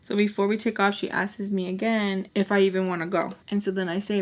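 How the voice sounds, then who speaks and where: A young woman chatting casually through a storytime while doing her makeup, animated and swearing, with sudden high-pitched exclamations. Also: normal speed. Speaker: vlogger.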